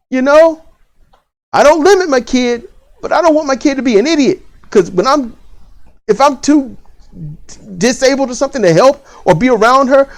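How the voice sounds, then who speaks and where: A vlogger ranting bluntly about parenting and school in a casual, repetitive way, with lively rises in pitch. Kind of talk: opinion rant to camera.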